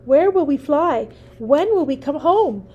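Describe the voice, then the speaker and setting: A woman's voice: expressive, unhurried, mellow, highs cut off. A woman doing an eager young gosling. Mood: anxious. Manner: high, questioning, childlike.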